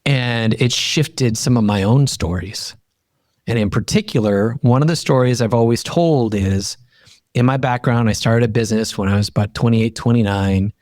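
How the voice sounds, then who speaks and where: A middle-aged man, a podcast guest and coach, telling personal stories in an emphatic, animated way that climbs high in pitch when he gets fired up. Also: moderate pace, no room sound, clean studio sound. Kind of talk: animated personal storytelling in conversation.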